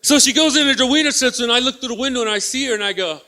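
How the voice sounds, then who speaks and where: Animated high-voiced male stand-up comic. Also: fast talker. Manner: animated storytelling, acts out both sides of dialogues, banters with the crowd. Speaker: stand-up comedian. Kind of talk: stand-up comedy set. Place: theatre stage.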